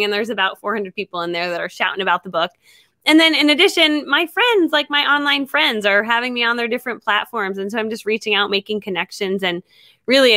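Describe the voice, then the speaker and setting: A middle-aged woman chatting as a guest author on a podcast, bubbly and quick, laughing often. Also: mid-range voice, sharp tone, no echo, studio quality. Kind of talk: casual podcast chat.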